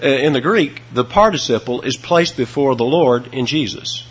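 A man preaching an expository sermon, emphatic, with dramatic swings in pitch and loudness, on a dull lo-fi recording. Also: lively intonation, normal speed, breathy edge.

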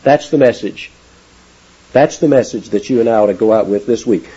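A man preaching a sermon with emphatic delivery, rising high on key words. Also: moderate pace, warm tone, husky. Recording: dull lo-fi sound.

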